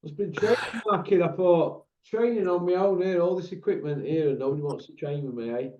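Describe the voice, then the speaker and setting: A man's voice: on the high side, fairly quick, noisy background. A man hosting a casual chat, full of teasing, laddish banter. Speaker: host. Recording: roomy, dull lo-fi sound.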